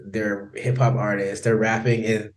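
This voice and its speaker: A man's voice: on the low side, measured pace. Laughing, chatty American man. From United States. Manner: animated, laughs often, many fillers. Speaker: podcast guest. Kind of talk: casual interview chat.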